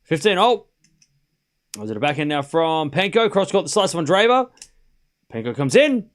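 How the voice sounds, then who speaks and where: A man's voice: on the high side, sing-song, fairly quick. A young man hosting a live tennis watchalong, calling points and chatting with his viewers. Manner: chatty, reads out viewer locations between play calls. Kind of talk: live stream commentary and chat.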